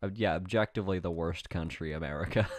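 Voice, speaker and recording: A young man from Canada co-hosting a podcast, giving blunt opinions at a deliberate pace with casual swearing. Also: low-pitched, no echo. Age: young adult. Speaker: podcast co-host. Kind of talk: casual chat.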